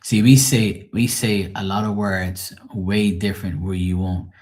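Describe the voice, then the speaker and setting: Man telling lively stories. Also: sits low, unhurried. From Bermuda. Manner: animated storyteller who swears freely and acts out other voices. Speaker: tarot reader livestreamer. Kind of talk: casual livestream chat.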